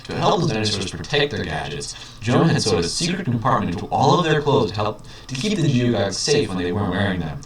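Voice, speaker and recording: A man reading a children's book aloud, breaking off for mocking, deadpan commentary. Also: lowish voice, fairly quick, few pauses. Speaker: reader. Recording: echoey room, distant mic, faint hiss.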